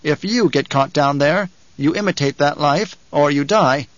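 A man's voice: on the high side, unhurried, no room sound, lo-fi sound, lightly acted. A man voicing a guarded male planetologist in an audiobook, curt and wary. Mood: explaining. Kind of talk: audiobook character reading.

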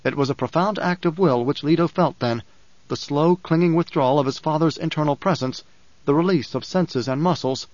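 A man narrating an audiobook in a measured, even storytelling manner. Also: on the high side, no room sound. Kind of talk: scripted narration. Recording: dry, slightly dull studio recording.

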